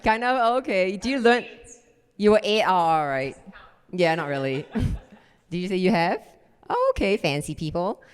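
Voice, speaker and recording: A woman's voice: lowish voice, measured pace, long reverb tail. A woman comedian doing a stand-up set on a club stage, acting out voices and chatting with the crowd. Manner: animated, acts out voices, chats with the crowd.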